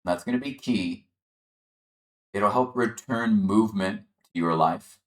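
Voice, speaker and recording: Calm low-voiced man guiding chair yoga. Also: unhurried, reverberant. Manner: calm, encouraging, guiding the breath step by step. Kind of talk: guided exercise instruction.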